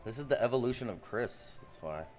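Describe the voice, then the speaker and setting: Over soft background music, a streamer in his forties spins yarns in a mid-range voice at a fairly quick clip. He's casual, animated, and foul-mouthed, tossing in "bro" again and again.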